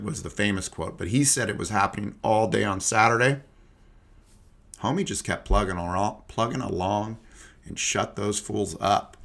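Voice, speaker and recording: Casual male podcast host, young adult, low gravelly voice, rambling chatty delivery. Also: moderate pace, a bit bright. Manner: loose, chatty, lots of fillers and asides. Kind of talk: casual golf podcast chat.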